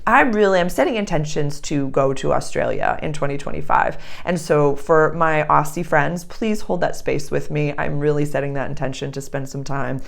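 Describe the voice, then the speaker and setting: A woman's voice: low-pitched, moderate pace, vocal fry, hardly any pauses. A woman with a Boston accent talking in a chatty, rambling way, as an astrologer in a casual vlog. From Boston area, United States. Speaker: astrologer and channeler.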